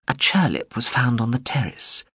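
A man's voice: mid-range voice, lively intonation, moderate pace, pushed and bright, breathy edge, dry recording, clean studio sound, pitched above the performer's own voice, heavily acted. A man voicing an exasperated female professor who speaks in a reproachful, fussy way. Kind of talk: audiobook character voice.

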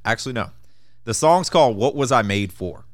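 A man's voice: medium pitch, dry recording, clean studio sound. A man hosting a casual podcast, teasing his co-host and drawing out award category names. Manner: animated, teasing, slows down to announce categories. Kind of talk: casual chat.

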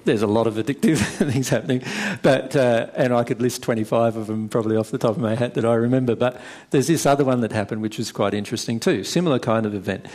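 A man explaining ideas in conversation, stressing key points and slowing down for emphasis. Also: medium pitch, darkish tone. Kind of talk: conversational teaching.

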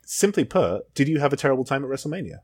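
This young man from the East Coast of the US chats on a podcast, joking and laughing a lot. His pitch swings widely as he tells a story. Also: quick pace, breathy edge. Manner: lively, joking, laughs often. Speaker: podcast co-host. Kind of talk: casual chat.

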